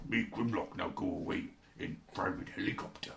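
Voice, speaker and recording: A man's voice: low-pitched, gravelly, a bit bright, a little hiss or hum, voice pushed down, full character voice. A man doing the blunt robot dinosaur Grimlock. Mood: boastful. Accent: British. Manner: broken caveman grammar, slow and blunt. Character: dim brutish robot dinosaur, boastful, male.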